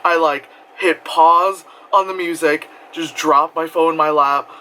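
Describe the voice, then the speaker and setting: A young man telling a story in casual vlog style, rambling with lots of fillers and breaking into loud screams and laughter. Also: on the high side, steady tone, unhurried, a little hiss or hum, poor audio. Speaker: vlogger.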